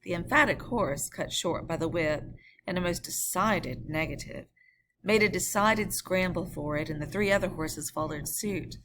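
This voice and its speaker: Low-voiced woman reading a classic novel. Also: a little hiss or hum. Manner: measured, expressive storytelling. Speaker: audiobook narrator. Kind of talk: scripted narration of a classic novel.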